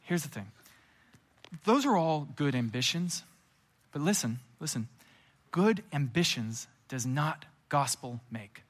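A pastor delivers a sermon, telling Bible stories in a lively, casual way with quick asides and acted-out scenes. His voice sits a little high.

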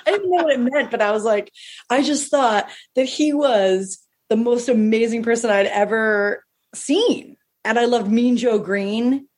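A woman telling stories in a casual chat, animated and quick to laugh, acting out what people said in raised voices. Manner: animated, acts out quotes in high voices, laughs often.

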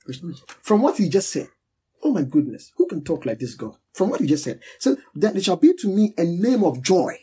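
With a high, warm, slightly rough voice, this pastor preaches briskly and very animatedly to a congregation. He repeats key words for emphasis and guides the people through a prayer one line at a time.

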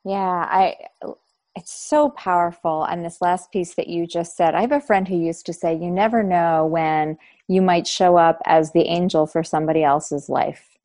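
Woman host, lower pitch, reflective and affirming, dry recording. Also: normal speed, darkish tone, dry recording. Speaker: podcast host. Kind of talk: conversational interview.

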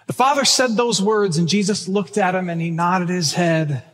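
Man, pastor, sermon, fairly high voice, husky, long church reverb. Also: fairly bright tone. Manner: earnest, emphatic, slows on key phrases. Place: church sanctuary.

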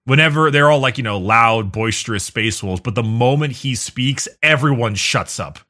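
An enthusiastic man co-hosting a casual chat show, rambling through stories with fillers and restarts. His tone is bright and forceful at a middle pitch. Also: moderate pace. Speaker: podcast co-host.

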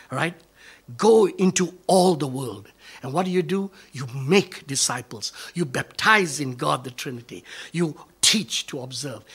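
A man preaching a sermon, asking rhetorical questions and answering them, dropping to near whispers and then building to loud, emphatic calls. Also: fairly high pitch, slightly rough. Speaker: pastor.

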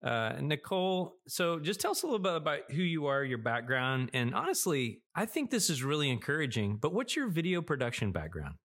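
A man's voice: fairly high pitch, very animated, fairly quick, hardly any pauses, fairly bright tone. A man hosting a podcast in casual chat, joking and laughing easily with his guest. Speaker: podcast host.

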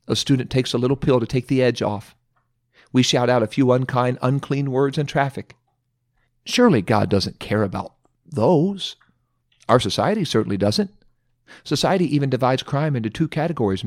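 A man preaching a devotional sermon, pausing for study questions and slowing down to stress key points. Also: medium pitch, darkish tone, dry recording, studio quality. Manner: earnest, emphatic, slows down for stress.

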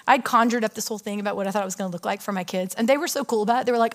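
A woman in her thirties giving a conversational, story-filled sermon from a stage, chatty and animated, often asking the audience questions. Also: mid-range voice, very fast, few pauses. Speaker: women's ministry speaker.

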